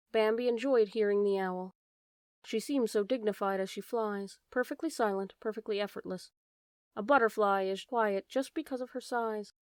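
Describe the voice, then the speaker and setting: A woman reads a classic storybook aloud in a calm, measured way. Her voice sits in a middle register and is recorded dry and close, with no room sound. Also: medium pitch, smooth, dry recording. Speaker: audiobook narrator. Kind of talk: storybook reading.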